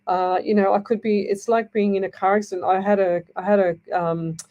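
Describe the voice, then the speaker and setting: A woman's voice: medium pitch, little pitch movement, fairly quick, muffled recording. A middle-aged woman hosting a live psychic radio show, talking in a rambling, reassuring way and checking in with "okay?" as she reads. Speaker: psychic medium radio host.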